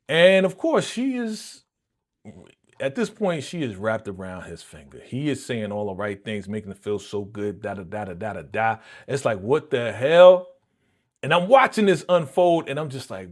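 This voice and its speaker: A man doing live movie reaction commentary, his voice sitting a little high and swinging widely in pitch. He talks in slang and keeps calling out to his viewers. He repeats his outraged lines over and over. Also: measured pace. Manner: animated, repetitive, exclaiming disapproval; slangy, addresses viewers directly. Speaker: reaction channel host.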